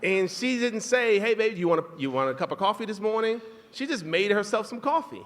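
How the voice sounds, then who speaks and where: Lively man telling a story in a hall. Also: sits high, brisk, a little hiss or hum. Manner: animated, playful storytelling with self-mocking asides. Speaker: podcast co-host. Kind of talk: live podcast storytelling to an audience. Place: live show venue in a large hall. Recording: live hall recording with long reverb.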